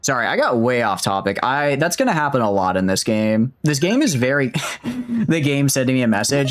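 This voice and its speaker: Brief: young male streamer, lively pitch, rambling and self-deprecating. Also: moderate pace. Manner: rambling, self-mocking, chatting with viewers. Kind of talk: casual gaming stream chat.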